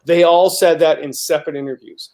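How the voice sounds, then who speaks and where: A man's voice: a little high, steady tone, a little fast, dark tone, slight background noise. A man talking as a guest, speaking hesitantly and restarting his sentences often. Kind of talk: casual debate, guest.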